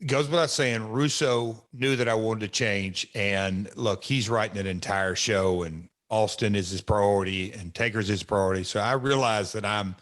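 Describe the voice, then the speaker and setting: A man's voice: fairly low pitch, moderate pace, hardly any pauses, fairly bright tone. A man hosting a podcast, telling stories in a loose, rambling way with many restarts and frequent laughs. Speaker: podcast host, former wrestler. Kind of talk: casual storytelling chat.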